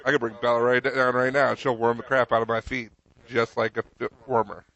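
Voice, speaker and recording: A man's voice: medium pitch, flat delivery, brisk, a bit bright, lo-fi sound. Wry male podcast co-host. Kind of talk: casual comedy chat.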